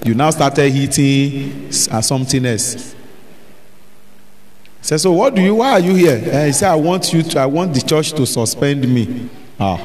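A man preaching a sermon, asking the congregation to finish his sentences and breaking into sudden shouts. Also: fairly high pitch. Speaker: pastor. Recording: long hall reverb, faint noise.

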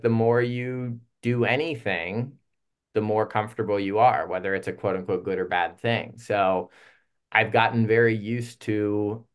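A male podcast host with a fairly low voice talks in a relaxed, reflective manner. His sentences are loose and casual, peppered with filler words as he thinks aloud. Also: clear, resonant tone.

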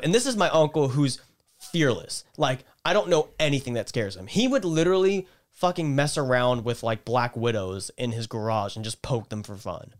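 A man casually telling a story on a podcast, animated and profane, getting loud when he acts out scenes. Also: mid-range voice, normal speed.

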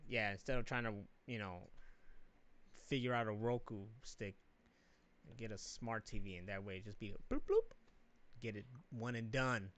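A man's voice: normal speed, long pauses. A man chatting casually on a podcast, telling stories animatedly and swearing freely. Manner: animated storyteller, swears freely, mimics others in high voices. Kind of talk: casual chat.

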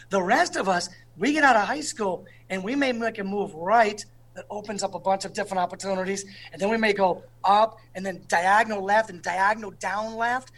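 A high-voiced man, a guest in an interview, tells stories with lively energy and keeps asking "you know what I'm saying."

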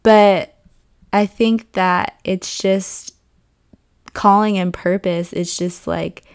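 A woman hosting a faith podcast, her voice a little hoarse with morning rasp. She talks in an earnest, rambling way with many "like" fillers. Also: medium pitch, fairly even intonation, takes it slowly. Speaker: podcast host. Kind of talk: casual faith podcast reflection.

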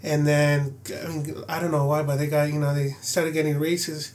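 A man's voice: on the high side, flat delivery, normal speed, darkish tone. A young man co-hosting a casual sports podcast, laid-back and filling his talk with "you know". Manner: laid-back, lots of 'you know'. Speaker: podcast co-host.

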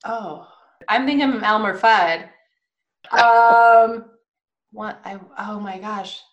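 A woman's voice: medium pitch, unhurried, a bit bright, muffled recording. A woman from New York, a guest on a chat show, flustered and self-conscious. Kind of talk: casual chat.

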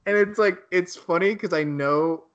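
A man's voice: high-pitched, normal speed, fairly bright tone, highs cut off. A man hosting a podcast, chatting casually and joking, acting out stories in silly voices. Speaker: podcast host. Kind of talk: casual chat.

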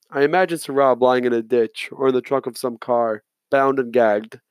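A man reading a novel aloud in measured, subdued first-person narration. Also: medium pitch, clean tone, no room sound. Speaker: audiobook narrator.

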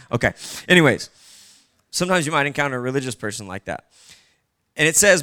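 A man's voice: on the high side, pushed and bright, smooth. A male pastor preaching casually, with conversational asides to the congregation. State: short on sleep. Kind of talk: sermon.

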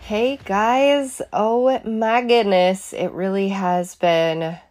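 A middle-aged woman, hoarse from being sick, hosting a casual, chatty podcast. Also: medium pitch, steady tone, very slow, a little mellow, soft background music. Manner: chatty, upbeat, laughs often. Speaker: podcast host.

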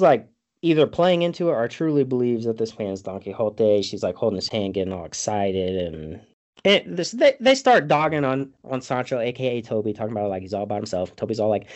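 A man's voice: fairly low pitch, sing-song, fairly quick, darkish tone, muffled recording. A rambling, foul-mouthed man recapping a movie. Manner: rambling, profane, laughs often.

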